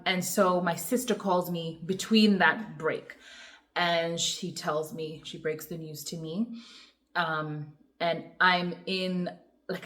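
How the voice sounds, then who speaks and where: A young adult woman telling a personal story in a reflective, emotional way, with many pauses, in a Q&A vlog. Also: lowish voice, fairly bright tone. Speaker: vlogger.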